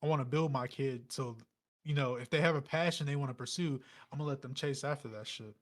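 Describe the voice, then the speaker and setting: A man with a mid-range voice talks relaxed and unhurried on a podcast. He fills his sentences with "like" as he thinks aloud. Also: mid-range voice. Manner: relaxed, filler-heavy, with frequent "like". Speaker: podcast co-host. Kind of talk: casual chat.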